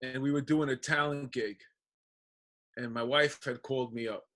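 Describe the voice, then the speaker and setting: A man's voice: mid-range voice, moderate pace. A man, a comedian guest on a podcast, telling stories in casual chat and acting out the dialogue with plenty of swearing. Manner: animated storyteller acting out dialogue, profane.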